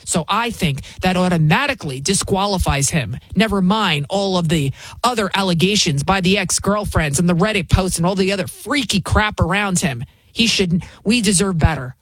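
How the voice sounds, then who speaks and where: A woman's voice: fairly low pitch, breathy edge, no room sound. Indignant woman firing rhetorical questions. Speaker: fill-in host. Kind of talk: opinionated political commentary.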